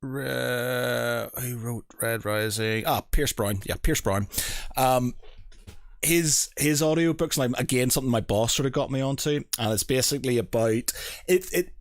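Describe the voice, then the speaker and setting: A man's voice: mid-range voice, a little slow, no echo. Rambling male podcast host, dry sound. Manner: rambling, hunting for names, casually swears. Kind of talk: casual podcast chat.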